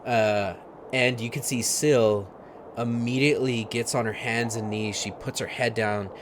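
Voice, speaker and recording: A man narrating a tabletop game as game master, halting with many fillers. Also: mid-range voice, fairly even intonation. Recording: noisy stream audio.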